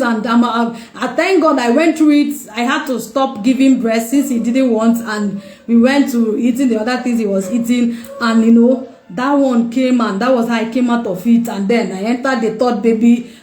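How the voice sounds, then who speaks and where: A woman's voice: on the high side, a little mellow. A mother sharing her personal testimony, speaking with emotion and repeating phrases for emphasis. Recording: echoey room.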